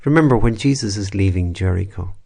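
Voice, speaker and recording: A man, a priest, leading a spoken prayer meditation in a reflective, unhurried way, with soft asides and restarts. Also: deep voice, gravelly.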